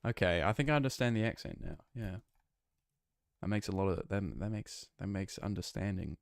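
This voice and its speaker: Deep-voiced young northwest English streamer. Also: male voice, expressive, a little fast, vocal fry, no room sound, clean studio sound. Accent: northwest English, close to Manchester. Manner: chatty and rambling, reads chat aloud, frequent restarts. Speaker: game streamer. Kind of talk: casual live-stream chat while playing.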